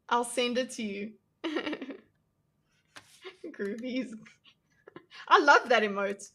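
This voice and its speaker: A young woman hosts a casual livestream, chatting with her viewers. Her voice sits a little high with a bright, forward edge. She is jokey and self-deprecating and laughs easily. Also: unhurried, long pauses. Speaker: livestream host. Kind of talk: casual livestream chat reacting to chat.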